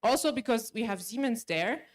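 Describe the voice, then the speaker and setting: A young woman gives a talk in a large conference hall. Her voice sits somewhat high. She speaks in a friendly, hesitant way, full of fillers and restarts. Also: expressive, moderate pace. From Germany. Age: young adult. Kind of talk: conference presentation.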